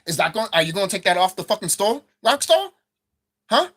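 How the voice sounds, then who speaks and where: Heated, husky-voiced man ranting. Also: sits high, sing-song, brisk, a bit bright. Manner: profane, heated, repetitive rant. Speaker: gaming commentator. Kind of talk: angry gaming rant.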